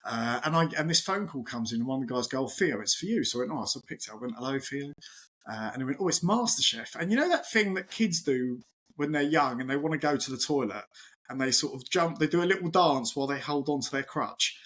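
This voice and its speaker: A man in his forties, a chef, chatting as a podcast guest and telling lively anecdotes, acting out the voices of people in his stories. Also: mid-range voice, fast. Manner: animated anecdotal storytelling, acts out quoted voices. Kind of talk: casual interview chat.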